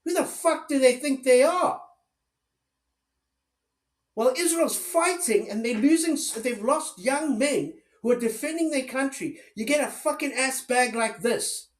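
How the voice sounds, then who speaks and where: A political commentator with a very high, expressive voice speaks a little slowly, his rant recorded with a roomy echo. Furious, he swears heavily and fires off sarcastic rhetorical questions.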